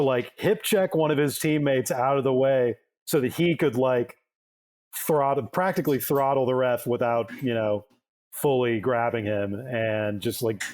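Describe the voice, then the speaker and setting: A man's voice: medium pitch, a little mellow. A man co-hosting a sports podcast in casual chat, rambling with lots of fillers and restarts. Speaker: podcast co-host.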